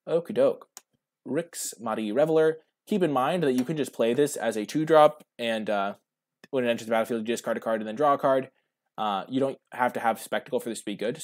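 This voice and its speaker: A man giving casual commentary while drafting cards, thinking aloud and answering his chat. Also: fairly low pitch. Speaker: streamer.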